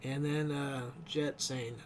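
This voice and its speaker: A man's voice: mid-range voice, level tone, slow pace, a little hiss or hum. A man casually reviewing a TV episode, rambling and chuckling as he goes.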